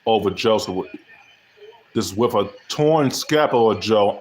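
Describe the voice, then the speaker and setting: Low-voiced man hyping his own game play. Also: lively intonation, a little slow, a little hiss or hum. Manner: hyped trash-talking commentary. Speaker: gamer streamer. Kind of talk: self play-by-play over a basketball video game.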